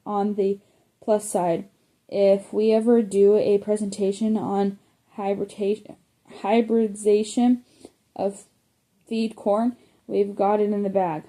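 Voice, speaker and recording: Woman reading a kids' spooky book aloud, kinda flat, mellow voice, fixes her slips as she goes. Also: mid-range voice, slow pace. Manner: plain, even reading with small slips and self-corrections. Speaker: audiobook reader. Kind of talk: first-person audiobook narration.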